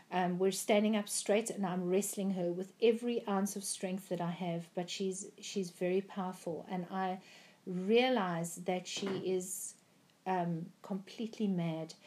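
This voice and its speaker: A woman's voice: mid-range voice, darkish tone. A woman earnestly recounting a prophetic dream, with frequent ums and restarts. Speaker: Christian speaker.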